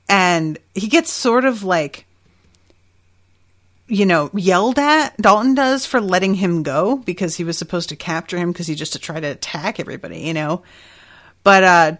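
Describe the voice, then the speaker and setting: A podcast host with a lowish, fairly bright voice recaps an episode chattily, tossing in laughing asides and lots of fillers.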